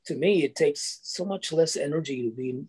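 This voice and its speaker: A man with a husky voice, chatting easily as a guest in an interview and often calling people "man". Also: a little high, moderate pace, darkish tone. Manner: easygoing, says "man" a lot. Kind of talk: casual interview chat.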